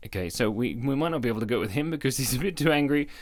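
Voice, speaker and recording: A man's voice: medium pitch, animated, rapid-fire. A man in his thirties from Australia hosting a comedy vlog, playful and self-mocking and often laughing. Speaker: comedy YouTuber host.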